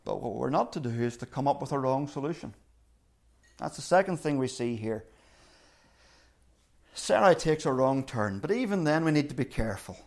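A man preaching a sermon in an earnest way, acting out quoted lines with loud and soft swings. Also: medium pitch, animated, normal speed, vocal fry, long pauses. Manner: earnest, acts out quoted voices with shifting volume.

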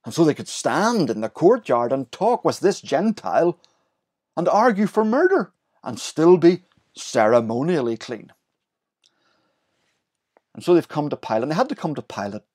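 A man's voice: fairly high pitch, moderate pace, pauses often. Man preaching a sermon. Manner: explanatory, lively retelling with voiced quotes.

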